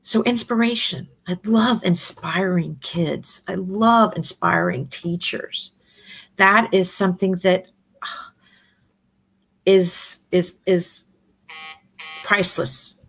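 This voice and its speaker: A middle-aged woman educator speaking as an interview guest, animated and often acting out the voices of people she quotes. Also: lowish voice, slow, gravelly, pauses often, breathy edge. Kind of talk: conversational interview.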